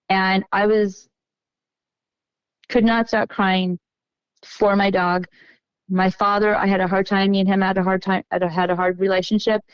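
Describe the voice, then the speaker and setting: Female interview guest, earnest and emotional storyteller, clear voice, dry close sound. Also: medium pitch, no room sound, poor audio. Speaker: podcast guest.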